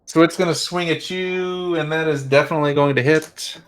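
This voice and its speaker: A man acting as game master, calmly making matter-of-fact rulings in a tabletop game. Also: a little high, fairly quick, background noise.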